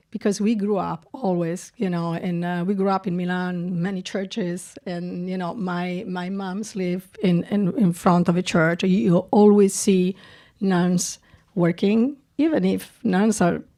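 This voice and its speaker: A woman's voice: medium pitch, unhurried, dark tone. A woman from Italy speaks English with a strong Italian accent. She is middle-aged and earnest, and she often restarts phrases as she answers questions at a festival. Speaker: film director.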